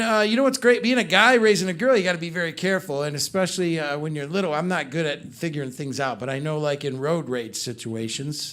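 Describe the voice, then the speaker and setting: A middle-aged man doing a stand-up comedy set on a club stage, telling stories and joking with the crowd. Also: mid-range voice. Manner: animated storytelling with crowd work.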